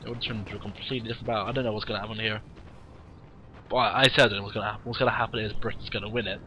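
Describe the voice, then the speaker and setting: A man's voice: fairly low pitch, fairly even intonation, racing, pushed and bright, highs cut off, slight background noise. A tired man who yawns now and then, giving casual, rambling, blunt commentary on a game replay and swearing freely. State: tired, yawning.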